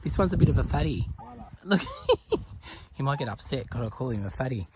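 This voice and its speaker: A chatty Australian man narrating a casual travel vlog outdoors in a country town, excitable and laughing often. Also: medium pitch, a little fast. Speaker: vlogger. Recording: noisy outdoor handheld recording.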